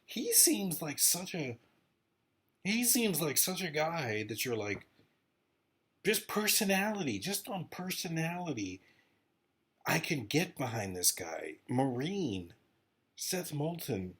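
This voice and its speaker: Rambling, husky-voiced man. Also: on the high side, slow pace, pauses often. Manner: excitable, rambling, repeats himself. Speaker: political commentator vlogger. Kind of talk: rambling casual monologue.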